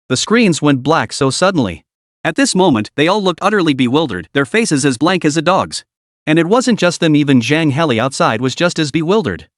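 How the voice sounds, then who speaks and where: A man narrating a web novel audiobook with lively, dramatic storytelling. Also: a little high, a little fast, no room sound, studio quality.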